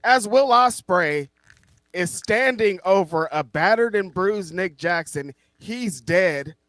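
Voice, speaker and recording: A man co-hosting a podcast, ranting excitably and swearing, his voice hoarse from yelling. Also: high-pitched, slow, no echo. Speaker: podcast co-host. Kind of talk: casual wrestling review chat.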